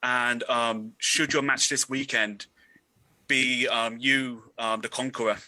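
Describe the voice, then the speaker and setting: Man with a bright, forceful voice. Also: mid-range voice, flat delivery, dry recording, low-quality recording. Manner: halting, many ums. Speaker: podcast journalist. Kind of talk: interview question.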